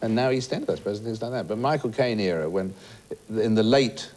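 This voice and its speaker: A low-pitched man with a lively, swooping voice, telling chat show anecdotes. He rambles, restarts his sentences and laughs at his own stories. The studio sounds roomy behind him. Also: brisk, faint music behind. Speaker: guest.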